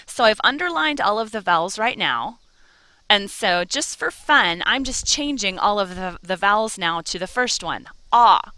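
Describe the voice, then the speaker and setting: A woman's voice: medium pitch, animated, moderate pace, sharp tone, no room sound. A woman teaching a Spanish lesson, encouraging and carefully over-articulating each vowel. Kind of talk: slow, clear language lesson.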